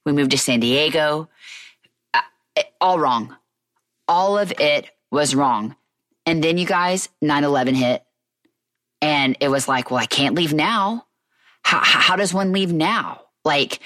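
A woman's voice: sits low, a bit bright, no room sound. A woman telling her own story in a candid, rambling way, full of restarts and "like". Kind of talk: personal storytelling, casual monologue.

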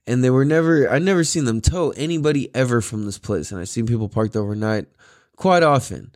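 A man's voice: mid-range voice, expressive, a little fast, darkish tone, dry recording, studio quality. A tired young man hosting his own podcast, rambling in a laid-back way with lots of swearing, fillers and laughs. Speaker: podcast host. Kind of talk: casual solo podcast monologue.

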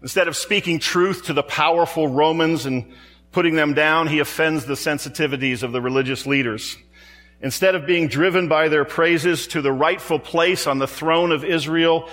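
A man's voice: a little high, steady tone, normal speed, a bit bright, big-room sound. A man preaching a sermon in a church, dramatic and rhetorical, building his points through repeated phrases and pointed questions to the congregation.

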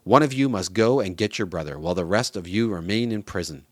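A man's voice: low-pitched, animated, fast, fairly bright tone, no room sound. A man reading the lines of a stern, powerful male ruler who speaks harshly and gives commands.

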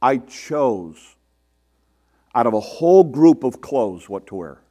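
A man's voice: mid-range voice, sing-song, takes it slowly, dark tone. A man preaching a sermon to his congregation in a conversational way, asking rhetorical questions and mimicking the people he quotes. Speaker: pastor.

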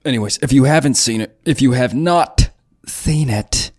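A man doing an impression of a gruff, profane middle-aged comedian who rants and swears. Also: medium pitch, normal speed, a little mellow, lightly acted. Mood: ranting. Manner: profane, ranting. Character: gruff, foul-mouthed middle-aged male comedian, ranting.

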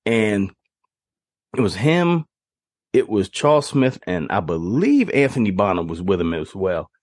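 Husky, animated male storyteller. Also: lowish voice, unhurried, dry recording, studio quality. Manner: animated, laughs through the telling. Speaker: podcast host. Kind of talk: casual storytelling.

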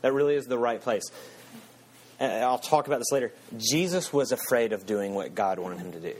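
A man's voice: medium pitch, brisk, slight background noise. A man, preaching a sermon and telling a self-mocking story with frequent chuckles. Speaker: pastor. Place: church.

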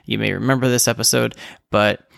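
A man talks through his podcast episode in a relaxed, conversational way, stopping to correct himself now and then. His mid-range voice has a gravelly texture. The sound is dry and close. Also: medium pitch, brisk, no echo. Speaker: podcast host. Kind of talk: casual solo podcast talk.

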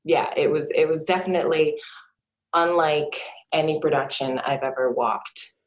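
A woman actor being interviewed in casual chat, animated and laughing often, trailing off and restarting as she talks. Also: deep voice, normal speed. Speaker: actor guest. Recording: roomy echo.

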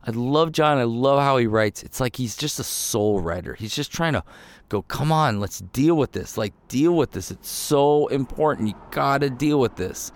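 A man delivers a casual, animated sermon, talking through his points as if chatting with the congregation. His pitch sits in the middle range and he acts out little reactions. The recording is dry and close. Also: moderate pace, dry recording. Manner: conversational, animated, acts out voices in quotes. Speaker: pastor.

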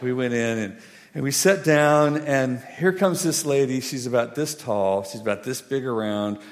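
A preacher telling a funny story in an animated, humorous way. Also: male voice, medium pitch, moderate pace. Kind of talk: sermon storytelling. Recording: long hall reverb.

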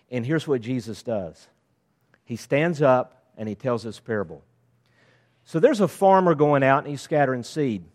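A man preaching a sermon, lively and conversational, acting out voices of the crowd and disciples in casual asides. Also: medium pitch, moderate pace. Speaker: pastor.

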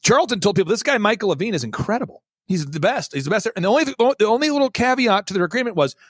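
A man's voice: sits high, sing-song, fast talker, a bit bright, slightly rough, dry recording, studio quality. A man appearing as a guest on a talk show, telling a story in an emphatic, theatrical way and repeating points for emphasis.

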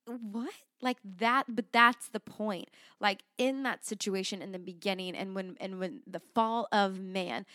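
A woman's voice: medium pitch, a bit bright, no room sound, clean studio sound. A woman co-hosting a faith podcast in casual chat, talking earnestly in long rambling runs with many fillers and restarts. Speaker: podcast co-host.

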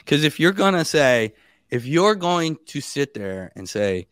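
A man in his thirties, a guest on a podcast, telling stories in a casual and animated way, laughing and acting out what people said. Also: a little high, unhurried, clean tone, dry recording, studio quality.

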